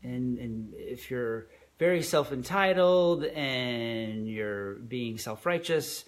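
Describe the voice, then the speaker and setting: A man's voice: mid-range voice, measured pace, few pauses. A man co-hosting a podcast, talking reflectively about relationships and often restarting his sentences. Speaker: podcast co-host. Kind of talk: conversational relationship advice.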